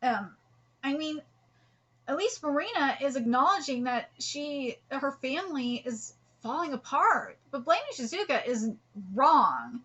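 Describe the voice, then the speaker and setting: A woman's voice: high voice, animated, unhurried, pushed and bright, poor audio. A woman hosting a live manga reaction, talking in an earnest, heartfelt way and rambling with restarts. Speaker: host reacting to a manga chapter.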